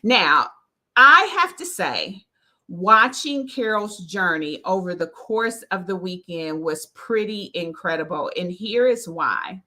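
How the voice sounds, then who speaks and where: A woman with a Southern country twang speaks on her own live stream as a success coach and podcast host. Her voice is bright and forceful and sits a little low. She talks in an earnest, encouraging way and often brings in her faith. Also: unhurried, hardly any pauses. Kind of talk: solo live stream talk.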